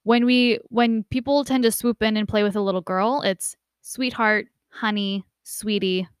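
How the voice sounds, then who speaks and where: A young woman giving a casual lecture, conversational and lively when she imitates relatives. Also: mid-range voice, a little slow, clean tone, dry recording, clean studio sound. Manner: conversational, animated quoting of family voices. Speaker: instructor.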